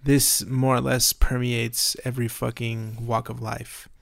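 A man chatting casually, halting and hesitant with many fillers, swearing casually. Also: mid-range voice, little pitch movement, gravelly, fairly bright tone, no echo, clean studio sound. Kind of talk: casual chat.

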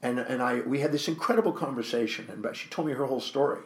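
A man's voice: medium pitch, quick pace, reverberant. A man, a guest speaker and author, telling a story in an interview and acting out the dialogue with animation.

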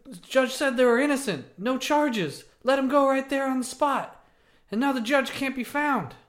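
A man voicing a frantic male townsman delivering bad news in a raised, high voice. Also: normal speed, fairly bright tone.

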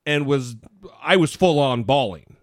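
Male podcast co-host, lively pitch, dry close mic, rambling and self-deprecating. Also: a little slow, no room sound. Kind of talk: casual podcast chat.

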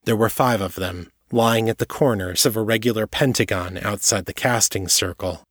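A man with a low voice reads an audiobook chapter in a steady, measured way. The recording is dry and close, with no room sound. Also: slightly rough, no echo. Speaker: audiobook narrator. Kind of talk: scripted narration.

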